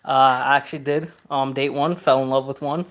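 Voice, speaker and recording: A man's voice: medium pitch, steady tone, fairly quick, fairly bright tone. A man in his thirties, born in Trinidad, hosting a casual livestream as a car customizing channel host, reading viewer questions aloud in an easygoing, chatty way with frequent laughs. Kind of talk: casual livestream chat answering viewer comments.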